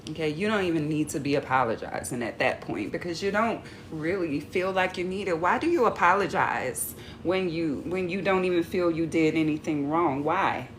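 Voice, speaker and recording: Speaking low and at a normal speed with hardly any pauses, this woman addresses her audience as a relationship coach. She's sassy, conversational and animated, acting out quoted arguments in her casual talk to camera, over a slight hiss or hum.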